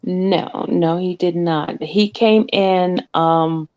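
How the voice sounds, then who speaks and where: A woman's voice: lowish voice, fairly even intonation, takes it slowly, a little mellow, clean tone, highs cut off. A woman guest chatting casually and explaining case details in a conversation. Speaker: guest commentator. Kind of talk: casual chat.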